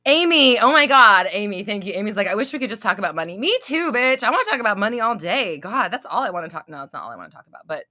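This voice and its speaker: A woman's voice: medium pitch, lively intonation, very fast, hardly any pauses, pushed and bright, no room sound, studio quality. A young woman hosting a live Q&A stream, casually reading out viewer comments, blunt and swearing freely, laughing often as she scolds.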